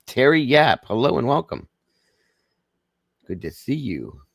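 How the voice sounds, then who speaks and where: A man's voice: medium pitch, very animated, a little slow, creaky, slightly rough, no echo, studio quality. A man with a Southern American accent hosting a livestream, greeting viewers one by one in a folksy, friendly way. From Southern United States. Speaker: livestream host.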